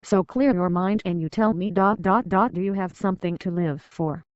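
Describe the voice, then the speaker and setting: A woman voicing a calm, enigmatic female android who speaks in a measured way. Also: fairly low pitch, no echo, close to an everyday voice. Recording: dull dry recording.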